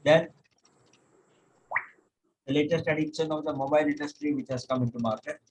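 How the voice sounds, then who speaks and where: A man with a fairly high voice teaches yoga over a video call. He explains slowly, step by step, often stopping on "okay", and chants old verses at an unhurried pace. A faint hiss and occasional clicks sit under the audio. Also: fairly even intonation, darkish tone, low-quality recording. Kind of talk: online lecture.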